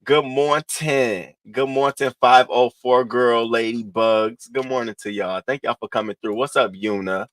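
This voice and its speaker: A man chats on a morning livestream, calling out viewers by name. His voice sits at a middling pitch but swoops upward with excitement. The sound is dry and close, with no room around it. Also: measured pace, hardly any pauses, no echo. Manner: animated, playful, swoops up high when greeting people. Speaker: livestream host. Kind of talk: casual livestream chat greeting viewers.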